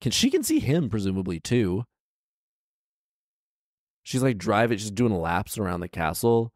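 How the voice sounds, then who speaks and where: A man's voice: fairly low pitch, very animated, unhurried, no echo, studio quality. A man reading a fairy tale aloud with sarcastic, exasperated comedic commentary. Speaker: storyteller and podcast host.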